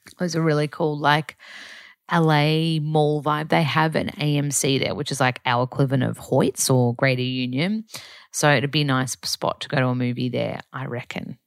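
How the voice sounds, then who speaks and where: A woman's voice: sits low, fairly even intonation, moderate pace, dry recording, studio quality. A young Australian woman, a yoga teacher, chatting through a casual diary podcast in an upbeat, rambling way with lots of fillers.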